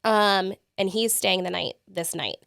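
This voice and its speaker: A woman in her thirties, speaking as a podcast guest, in a voice of ordinary pitch. She walks through events point by point and voices the lines of others as she goes. The recording is close and dry, with no room sound. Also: a little slow, creaky, fairly bright tone, no room sound. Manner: vivid step-by-step recounting, acting out quotes. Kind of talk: interview storytelling.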